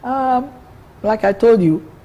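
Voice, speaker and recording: A woman's voice: on the high side, slow, dark tone, dull audio. An older woman, a politician answering interview questions in an earnest way, often repeating words as she builds her point. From Nigeria.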